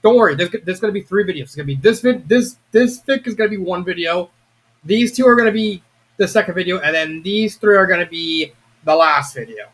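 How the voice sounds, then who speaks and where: A young man giving a casual, rambling video review of a fan story, excitable and prone to restarts. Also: sits high, brisk. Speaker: fanfiction reviewer.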